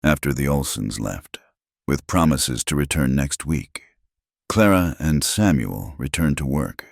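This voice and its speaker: A man narrating a western story in slow, measured scripted narration. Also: rumbling low, lively intonation, creaky, dry recording, studio quality.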